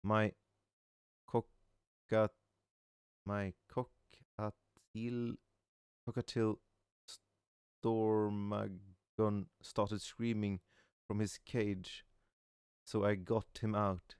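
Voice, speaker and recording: A man with a low, smooth voice reads memes aloud in a relaxed, casual way. He trips over words and restarts them, and he adds soft "aw" reactions between posts. The recording is dry and close. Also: no echo. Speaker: voice actor reading memes aloud. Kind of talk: casual meme reading with reactions.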